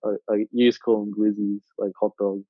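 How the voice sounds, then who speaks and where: Guesting on a podcast, this Australian man in his twenties rambles through a casual chat full of fillers and false starts. He speaks briskly in a lowish voice with little pitch movement, and the lo-fi audio sounds dull and dry, with no room sound.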